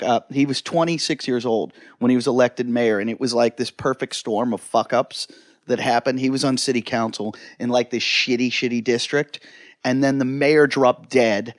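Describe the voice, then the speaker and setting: A man's voice: medium pitch, dry recording, studio quality. A man hosting a podcast, chatting casually, laughing often and swearing with energy. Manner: laughs often, animated and profane. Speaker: podcast host.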